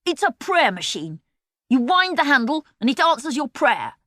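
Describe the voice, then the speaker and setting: A woman reading a storybook, voicing an irritable small boy inventor who snaps and shouts. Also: on the high side, huge pitch swings, measured pace, vocal fry, no echo, studio quality, voice pushed up, heavily acted. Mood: cross. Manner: cross, shouting.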